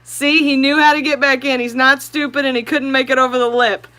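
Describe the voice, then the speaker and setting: A woman hosting a live stream, chatting excitedly with viewers and talking to her fish. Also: high-pitched, fairly quick, poor audio.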